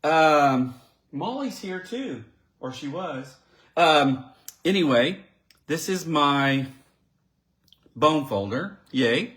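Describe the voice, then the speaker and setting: A man's voice: fairly high pitch, drawn-out words, pauses often, a bit bright. A man giving a live card-making demonstration, chatting and thinking aloud as he works and talking directly to his viewers. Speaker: crafting demonstrator.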